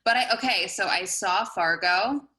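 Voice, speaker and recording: A woman's voice: medium pitch, a little slow, bright, forceful tone, poor audio. A woman in her twenties, a singer, chatting as a guest on a podcast in a bubbly, self-mocking way. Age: 20s. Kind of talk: casual podcast chat. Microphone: remote call setup.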